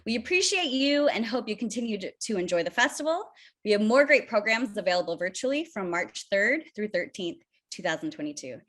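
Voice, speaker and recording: A woman hosting a festival interview over a video call, warm and giggly, often laughing through her lines. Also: medium pitch, very animated, a little fast. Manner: giggly, keeps breaking into laughter. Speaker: festival staff host.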